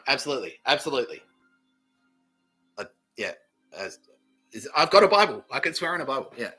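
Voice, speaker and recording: A man's voice: mid-range voice, bright, forceful tone, slightly rough, poor audio. A man with an Australian accent hosting a comedy podcast, rambling through a jokey monologue, swearing often and laughing at his own jokes. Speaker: podcast host.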